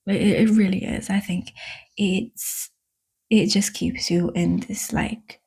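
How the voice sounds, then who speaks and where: A breathy, husky-edged woman speaks straight to her viewers in a casual self-help vlog. English is not her first language, and her phrasing halts and restarts as she draws out the words she wants to stress. She calls her listeners "my love" with earnest affection. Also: medium pitch, fairly even intonation, a little mellow. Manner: halting, with restarts and drawn-out emphatic words. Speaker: vlogger. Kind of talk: casual spiritual self-help talk to camera.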